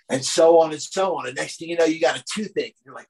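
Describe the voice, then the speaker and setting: A man's voice: a little high, quick pace, hardly any pauses, poor audio. A man in a casual podcast conversation, slangy and earnest, filling his talk with "like," "dude" and "bro.". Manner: slangy, filler-heavy, full of "dude" and "bro"; earnest, talks about recovery.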